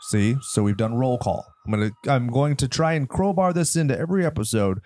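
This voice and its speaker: A man hosting a horror movie podcast, loud and theatrical in casual chat. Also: mid-range voice, animated, fairly quick, no room sound. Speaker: podcast host.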